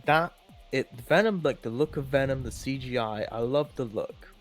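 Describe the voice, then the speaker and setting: A man's voice: mid-range voice, normal speed, faint music behind. A man chatting casually and rambling as he ranks films, with many restarts and fillers. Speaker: co-host ranking films. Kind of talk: casual opinionated chat.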